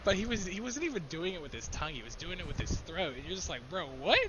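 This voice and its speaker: A man's voice: sits high, big pitch swings, fast, background noise. A man chatting casually with friends while gaming, rambling and laughing often, swearing casually. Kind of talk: casual chat.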